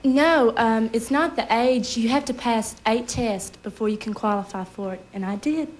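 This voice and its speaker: A woman's voice: fairly high pitch, moderate pace, a little hiss or hum. A young woman contestant on a game show, polite and eager, explaining simply.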